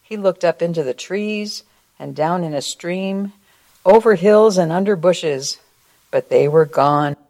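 A woman reading a children's story aloud at a church service in a slow, expressive way, ending with a short prayer. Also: on the low side.

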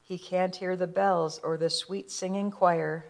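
A woman reading a rhyming picture book aloud in a rhythmic, expressive way. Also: fairly low pitch, a little slow, creaky. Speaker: storybook reader.

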